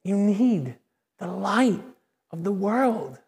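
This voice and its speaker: Man, pastor, high voice, sermon, animated conversational delivery, call-and-response. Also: takes it slowly, creaky. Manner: lively, conversational preaching, acting out quoted voices; asks the congregation for call-and-response. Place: church service.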